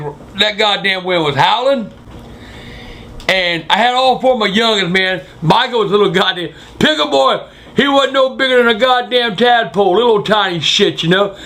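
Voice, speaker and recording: Gravelly profane old man. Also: high voice. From South Carolina. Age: older. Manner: crude, swearing constantly, loud outbursts. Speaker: vlog host. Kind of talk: profane storytelling.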